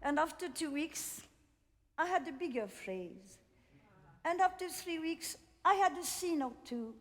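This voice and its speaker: An older woman with a French accent, telling a story in a one-woman stage show, theatrical and animated, laughing between lines. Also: sits high. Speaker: cabaret performer. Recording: reverberant theater hall.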